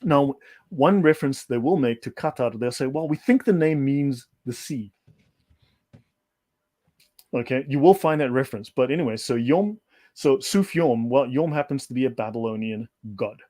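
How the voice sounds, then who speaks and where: A man's voice: mid-range voice, animated, normal speed, mellow. A man holds forth as a livestream guest, pressing each point with emphasis and circling back to restate it. His voice sits in an ordinary middle register. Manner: lecturing, emphatic, repeats points. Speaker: guest speaker. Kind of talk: livestream discussion.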